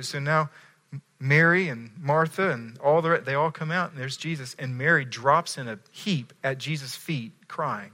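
A man's voice: fairly high pitch, normal speed, sharp tone. A man preaching a sermon in a conversational storytelling way, often checking in with his listeners. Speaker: pastor.

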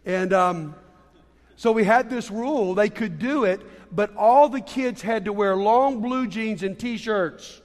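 Male preacher, chatty storytelling delivery, pitched high, big hall reverb. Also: slow. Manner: storytelling, conversational, with repeated restarts. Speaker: pastor. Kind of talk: sermon.

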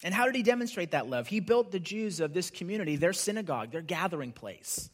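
A man's voice: high-pitched, lively intonation, fast talker. A man preaching a sermon as pastor, earnestly explaining scripture with frequent tag questions and repeated words. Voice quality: repeats words when starting phrases.

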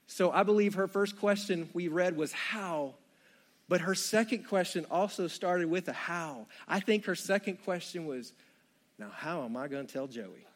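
A young man preaching a sermon, retelling the story with jokey asides and playful asides to the congregation. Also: fairly high pitch. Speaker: pastor.

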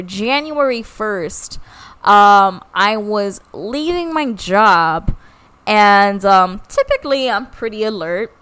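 Animated, swearing young woman. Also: mid-range voice, clear, resonant tone. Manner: profane, animated, acts out quoted voices. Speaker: podcast co-host. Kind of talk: casual storytelling chat.

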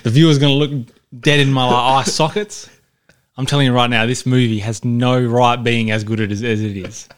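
A man's voice: mid-range voice, steady tone, normal speed, clear, resonant tone. A man chatting casually as a podcast co-host, with a mid-range voice. He leans hard on his points and repeats phrases for emphasis. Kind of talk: casual movie review chat.

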